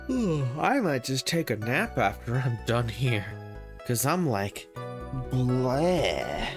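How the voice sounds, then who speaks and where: A man streaming a courtroom game, chatting in a sleepy, relaxed, rambling way over game music. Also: mid-range voice, slow. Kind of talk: casual game commentary.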